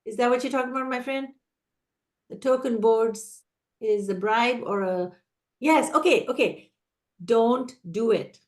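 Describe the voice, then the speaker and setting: A woman trainer answering teachers' questions in a live online session, energetic and animated, often acting out how a teacher talks. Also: a little high, unhurried. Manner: energetic, animated, acts out teacher and child voices. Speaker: classroom management trainer.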